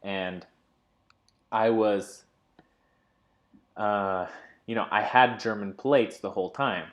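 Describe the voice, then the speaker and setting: A man shares a story in casual conversation. He talks haltingly, restarting often and leaning on fillers. His voice sits fairly low. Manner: hesitant, many fillers and restarts. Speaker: co-host.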